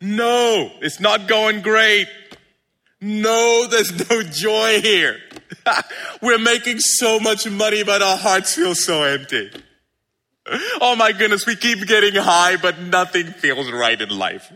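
A man acting out discouraged disciples who admit that life is not going well, in drawn-out, sighing lines. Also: high-pitched, animated, pushed and bright, long reverb tail, full character voice. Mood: weary.

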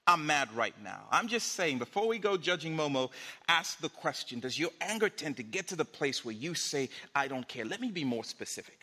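A man's voice: fairly high pitch, very animated, fairly quick, pushed and bright, slightly rough, big-room sound. A male pastor preaching a sermon in a conversational way, with fillers.

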